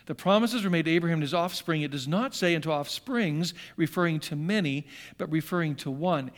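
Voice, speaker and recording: A middle-aged man with a fairly high voice preaches to his congregation. He talks loosely, circling back and restarting his sentences, with wry asides as he works through the scripture. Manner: rambling and self-correcting, with wry asides. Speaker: pastor. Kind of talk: sermon.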